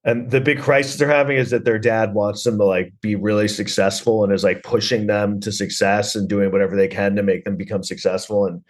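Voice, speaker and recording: A man's voice: lowish voice, little pitch movement, fairly quick, hardly any pauses. A man hosting a podcast, recapping a film in a rambling, sarcastic way, full of fillers and swearing. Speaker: podcast host reviewing a film.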